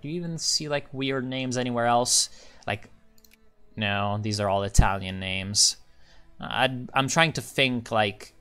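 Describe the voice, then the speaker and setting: A man with a fairly low, sharp-toned, smooth voice hosts a channel's game commentary, rambling casually, muttering to himself, and swearing when things go wrong.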